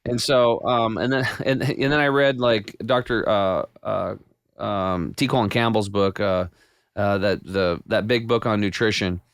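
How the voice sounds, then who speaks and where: A man guest on a podcast, telling his health story in a casual, animated way with many restarts. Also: lowish voice, unhurried, clean tone, no echo, studio quality. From United States. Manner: animated storyteller with frequent restarts and quoted self-talk.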